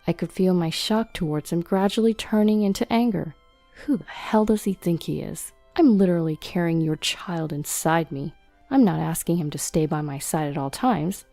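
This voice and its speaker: A young woman narrating a story in the first person with a steady, plain reading and rising indignation. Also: on the low side, dry recording.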